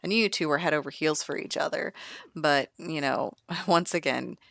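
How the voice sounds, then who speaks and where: A woman's voice: low voice, normal speed, creaky, a bit bright. A woman hosting her gaming channel, chatting and giggling through casual gameplay commentary.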